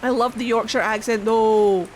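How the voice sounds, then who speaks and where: A woman's voice: on the high side, fairly even intonation, normal speed, slight background noise. Chatty Geordie woman streaming games. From Newcastle, England. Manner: chatty, swears freely, answers chat aloud. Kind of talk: casual gameplay chat.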